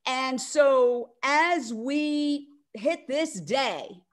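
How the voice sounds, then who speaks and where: A middle-aged woman speaking on a video call, loud, animated and emphatic, with a rousing tone. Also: fairly high pitch. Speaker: media network founder speaking at an online event. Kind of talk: casual speech on a video call.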